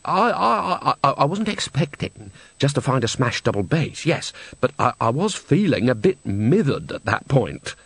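A man's voice: mid-range voice, sing-song, moderate pace, gravelly, hardly any pauses, a bit bright, breathy edge, dry recording, full character voice. A man reading aloud voices a nervous, fretful man who stammers and gets flustered.

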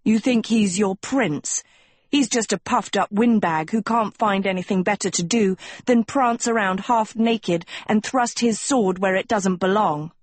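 A sharp-tongued teenage girl branded a witch, as a woman reading a storybook puts her on, defiant and cutting. Slightly higher than the reader's own slow, husky voice, in a dry close recording. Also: dry recording, lightly acted. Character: blunt, prickly teenage girl called a witch.

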